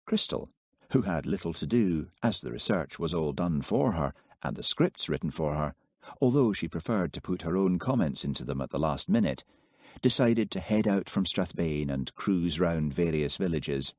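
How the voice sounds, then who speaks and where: Male audiobook narrator, deep voice, expressive lively intonation, dry close recording. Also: no echo. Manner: measured storytelling. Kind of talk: scripted narration.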